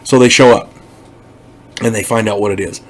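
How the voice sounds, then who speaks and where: Speaking at normal speed in a low, steady voice, an older man offers a blunt, opinionated take on a TV show. His casual review wanders, with frequent restarts, repeated words and plenty of emphasis, all captured on poor-quality audio.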